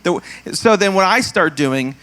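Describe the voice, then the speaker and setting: A male pastor leading prayer and announcements, playful and quick to laugh at his own jokes, acting out puns in silly voices. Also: high-pitched, expressive, a bit bright. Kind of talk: church service prayer and announcements.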